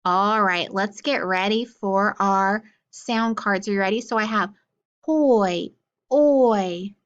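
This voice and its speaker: A woman teaching a phonics lesson, carefully sounding out letters, syllables and words in a steady drill. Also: mid-range voice, measured pace, clear, resonant tone, highs cut off.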